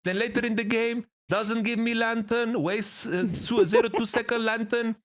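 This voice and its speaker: A man doing a grumbling Greek esports player who rants on about a teammate's mistakes, his voice pushed up well above the man's own pitch. He talks in quick, repetitive complaints and does not let anyone get a word in. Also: steady tone, a bit bright. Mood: aggrieved ranting. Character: ranting male esports pro, grumbling.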